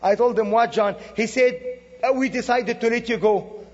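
A man's voice: very high-pitched, moderate pace, breathy edge. A man from the Middle East preaching as a guest speaker, telling stories animatedly with acted-out dialogue. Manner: animated storytelling with quoted dialogue. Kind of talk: sermon. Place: church sanctuary. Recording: dull lo-fi recording in a reverberant hall.

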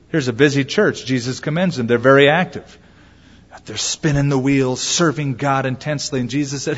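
A man's voice: medium pitch, fairly quick. A man preaching a sermon as a pastor, acting out quoted voices as he goes. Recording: lo-fi with long hall reverb.

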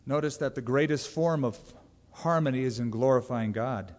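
A man's voice: medium pitch, moderate pace, a little mellow, long reverb tail. A man preaching a sermon as pastor, emphatic and conversational, with direct asides to the congregation.

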